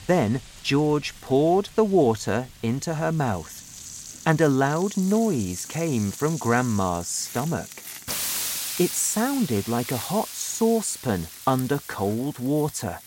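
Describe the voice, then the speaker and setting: Slow, low-voiced woman reading a storybook. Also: big pitch swings, darkish tone, a little hiss or hum. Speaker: narrator.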